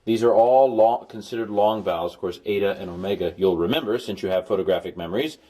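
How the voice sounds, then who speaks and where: Low-voiced man teaching with playful asides. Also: fast, warm tone. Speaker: Greek tutor. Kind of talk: recorded language lesson.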